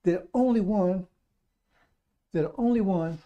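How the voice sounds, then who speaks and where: A man preaching on the radio in a fervent, repetitive street-preacher style, calling his listeners brothers and sisters and building up to loud exhortations. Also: sits high, a little slow, muffled recording.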